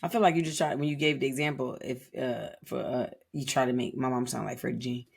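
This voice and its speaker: A woman's voice: rumbling low, steady tone, fast talker, creaky, breathy edge. A woman co-hosting a podcast in laid-back casual chat. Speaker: podcast co-host.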